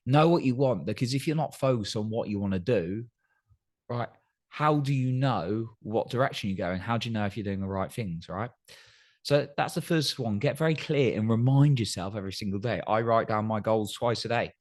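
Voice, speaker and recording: A man's voice: fairly low pitch, moderate pace, darkish tone. A man hosting a solo podcast, giving earnest coaching advice and often checking in with "right?". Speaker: podcast host. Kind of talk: solo motivational podcast talk.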